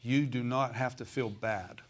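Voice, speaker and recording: A male pastor preaching a sermon in a church, folksy, asking the congregation for replies and slowing down to read scripture aloud. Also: medium pitch, steady tone.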